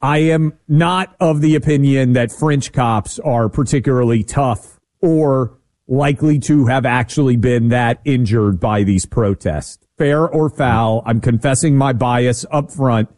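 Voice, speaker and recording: A man's voice: medium pitch, a little slow, a little mellow. A man co-hosting a talk radio show, giving blunt opinions and joking about himself. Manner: blunt, opinionated, self-mocking. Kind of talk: casual talk radio banter.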